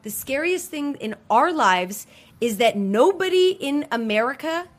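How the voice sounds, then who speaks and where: A woman's voice: high voice, animated, a little slow. A woman in casual chat, talking animatedly with many fillers and restarts.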